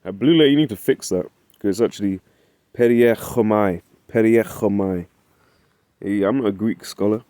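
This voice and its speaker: Low, dark-voiced man teaching scripture. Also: expressive, quick pace, few pauses, dry recording. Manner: conversational, keeps asking "right?"; reads scripture in old-fashioned wording. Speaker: Bible teacher. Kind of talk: casual Bible study talk.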